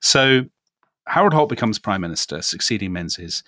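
A man's voice: fairly low pitch, very animated, moderate pace, bright, forceful tone, no echo, clean studio sound. A man from Britain co-hosting a history podcast, telling the story in a wry, chatty way with asides. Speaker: podcast co-host.

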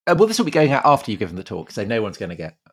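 A man co-hosting a podcast, chatting in an animated way with quick, jokey interjections. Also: on the low side, breathy edge. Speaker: podcast co-host. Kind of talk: casual chat.

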